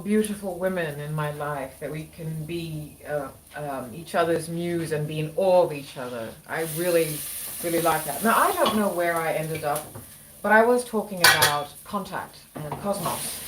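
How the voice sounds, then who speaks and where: A woman chats loosely on a live stream, rambling and apologizing as she loses her thread. Her voice sits a little low. Clear sounds of food sizzling in a home kitchen run behind her. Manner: rambling, apologetic, self-interrupting. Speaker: livestream host. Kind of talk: casual live chat. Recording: clear cooking noise behind.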